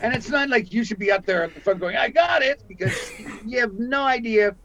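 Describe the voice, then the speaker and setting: A man in his sixties from Canada, an actor telling stories in a casual interview and acting out the voices of the people he quotes. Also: a little fast. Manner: animated storyteller, acts out quotes with big pitch jumps. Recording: muffled lo-fi audio.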